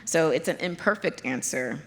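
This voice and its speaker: A woman's voice: low voice, animated, moderate pace, long reverb tail. A woman with a Nigerian accent, a pediatric hematologist answering questions at a conference, earnest and often laughing. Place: conference hall.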